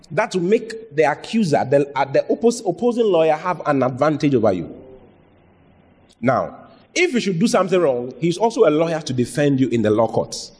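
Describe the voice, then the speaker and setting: A man's voice: fairly high pitch, a little mellow, breathy edge. A man preaching a sermon, emphatic and repetitive, often checking in with the congregation with questions. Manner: emphatic, repeats phrases, asks the congregation questions. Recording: reverberant hall.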